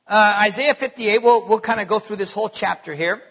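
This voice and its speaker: A man preaching a sermon in a church on a stage microphone, animated and joking, asking the congregation questions. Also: sits high, brisk, vocal fry, highs cut off. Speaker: pastor.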